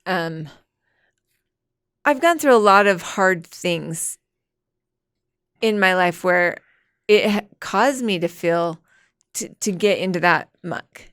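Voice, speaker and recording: A woman's voice: fairly low pitch, lively intonation, slow, pauses often, fairly bright tone, smooth, no echo, clean studio sound. A woman co-hosting a parenting podcast in casual chat, mostly giving short agreeing replies and speaking reflectively. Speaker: podcast co-host.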